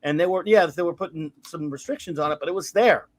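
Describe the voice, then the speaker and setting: A man's voice: fairly high pitch, fast, no echo. A man hosting a casual podcast, reading out listener grades with a wry, rambling manner. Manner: rambling, wry, trails off into mumbles. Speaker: podcast host.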